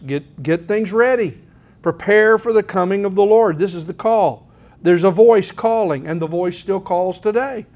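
A middle-aged man preaching a sermon in an earnest, folksy way, often clearing his throat. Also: sits high, normal speed, a little mellow, muffled recording. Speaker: pastor.

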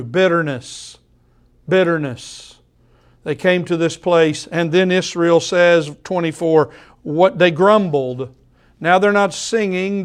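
A pastor preaching a sermon, slow and deliberate, repeating key phrases for emphasis. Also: male voice, on the high side, clear, resonant tone.

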